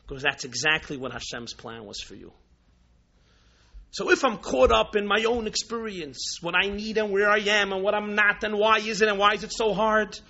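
A man's voice: high voice, moderate pace, creaky, pushed and bright, dull audio. A man, a Jewish religious teacher, giving a sermon with a story, impassioned and full of rhetorical questions.

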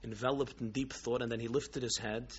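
A man's voice: medium pitch, fairly even intonation, brisk, slightly rough, muffled recording. A man, a Jewish religious teacher, giving a sermon with a story, impassioned and full of rhetorical questions.

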